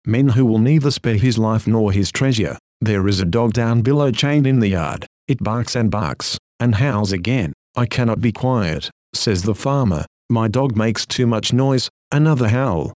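A man's voice: fairly low pitch, a little mellow, dry recording, clean studio sound. A man reading an old-fashioned sermon aloud in a solemn, earnest, pleading manner. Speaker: preacher.

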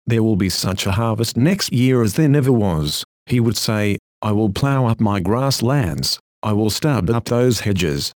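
A man's voice: medium pitch, darkish tone, no room sound, clean studio sound. Earnest man preaching a sermon. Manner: earnest, exhorting. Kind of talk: reading a historical sermon.

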